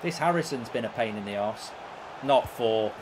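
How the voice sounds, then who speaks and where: A man's voice: mid-range voice, expressive, moderate pace, noisy background. A man streaming gameplay, ranting and swearing in exasperation as he commentates. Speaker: streamer and host.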